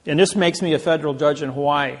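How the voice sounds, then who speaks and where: A man giving a rambling storytelling lecture to a class, with many halting restarts. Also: fairly high pitch. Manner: rambling anecdotes with acted quotes. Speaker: speaker teaching a class.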